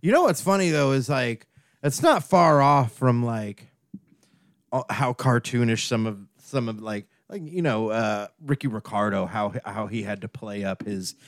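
A man's voice: mid-range voice, expressive, unhurried, no room sound, studio quality. A man co-hosting a casual podcast, joking, rambling and laughing often. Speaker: podcast co-host. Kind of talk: casual banter.

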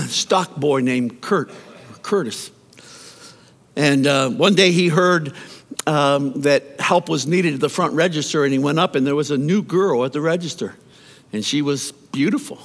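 A man preaching a sermon, telling stories with lively emphasis and often repeating words as he goes. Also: on the high side. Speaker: pastor. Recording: long hall reverb.

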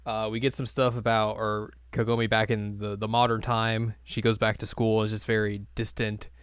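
A man's voice: fairly low pitch, little pitch movement, normal speed, clear, resonant tone, no echo, clean studio sound. A young man hosting a casual anime recap podcast, joking and sarcastic as he rambles through the episode. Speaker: podcast host.

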